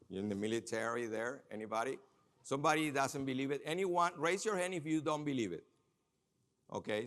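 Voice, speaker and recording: A man giving a lively conference presentation, talking straight to the audience and drawing answers out of them. His voice sits in a comfortable middle range and carries a long reverb from a large hall. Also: medium pitch. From Minnesota. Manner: lively, questions the audience directly. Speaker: conference speaker.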